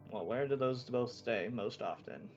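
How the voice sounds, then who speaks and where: Man, in-character roleplay, calm, coldly determined, middle pitch, faint music behind. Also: normal speed, dull audio. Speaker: roleplay player.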